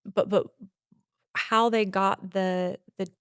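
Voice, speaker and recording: A woman's voice: medium pitch, slow pace, smooth, dry recording. Woman telling a story in a dry booth. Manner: animated, acts out quotes, many "like" fillers. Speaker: podcast guest. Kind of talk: personal storytelling in a casual interview.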